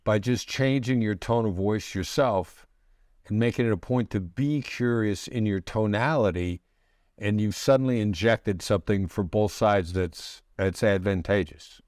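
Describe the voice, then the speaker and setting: A middle-aged man with a low voice talks through ideas at a measured pace, pausing and restarting as he explains. He sounds close to the mic in a dry room with no echo. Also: a little mellow. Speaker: negotiation expert guest. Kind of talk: conversational interview answers.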